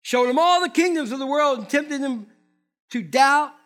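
A pastor giving a sermon in an animated, conversational way, full of asides to the congregation. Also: male voice, very high voice, moderate pace.

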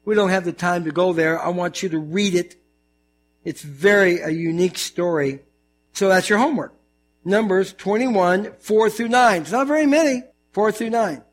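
A man preaching with an animated, joking delivery, slipping into funny voices to act out the stories. His voice sits high for a man. A low mains hum runs under the recording. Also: moderate pace. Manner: animated storytelling, mimics voices, jokes. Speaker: pastor. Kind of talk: sermon.

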